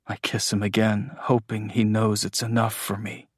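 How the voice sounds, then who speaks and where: A man's voice: fairly low pitch, little pitch movement, normal speed, hardly any pauses, breathy edge, no echo, clean studio sound. A man narrating a first-person audiobook in an intimate, emotional storytelling manner.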